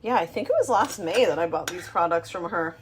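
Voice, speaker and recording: Speaking briskly in a fairly low voice, with background noise around her, a woman cooks in her small apartment kitchen. She's a vlogger chatting casually to the camera, relaxed and rambling as she thinks aloud and wanders between thoughts.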